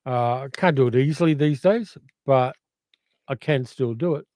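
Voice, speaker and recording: Older Australian man, dark mellow voice. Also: mid-range voice, normal speed, dry recording. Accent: educated Australian. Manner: reflective, rambling, reads comments aloud. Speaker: livestream host. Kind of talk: casual livestream chat reading viewer comments.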